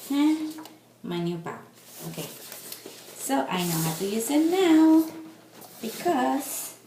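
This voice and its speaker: A woman's voice: lowish voice, vocal fry. A woman vlogging casually at home into a camera mic, chatty and exasperated as she rants. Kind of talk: casual product vlog. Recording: echoey room with background noise.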